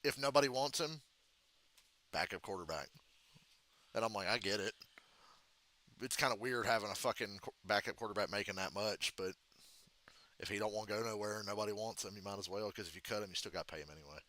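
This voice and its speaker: A man's voice: lowish voice, steady tone, quick pace, sharp tone. A man hosting a casual live reaction to a football game, telling stories in a loose, profane, laughing way.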